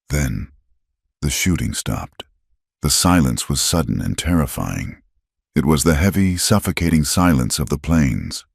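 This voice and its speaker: A man narrating a western story in a grave, measured scripted telling. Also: very deep voice, gravelly, darkish tone, husky, no echo, studio quality.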